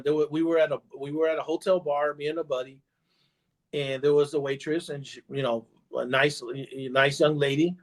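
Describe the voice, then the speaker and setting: A man talking as a podcast guest, his voice sitting a little higher than most men's. He rambles through his story in a casual way, full of fillers, restarts and repeated "you know"s. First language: bilingual in Spanish.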